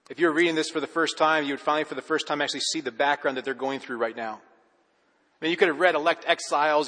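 A man preaching a sermon as pastor, telling stories with animation and then dropping to a soft, earnest hush. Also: a little high, in a large hall.

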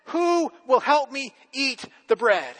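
A man's voice: extremely high pitch, big pitch swings, slow, fairly bright tone, in a large hall, voice pushed up, full character voice. A man voicing a small, hardworking hen from a children's storybook, asking the other animals for help in a sing-song read-aloud way. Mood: inviting.

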